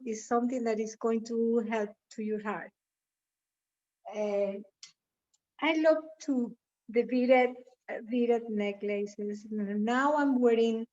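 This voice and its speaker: A woman's voice: a little high, highs cut off. A woman with a non-native English accent presenting her jewelry in careful, hesitant English. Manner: careful and hesitant, halting phrasing. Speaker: guest jewelry artist. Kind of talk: product presentation.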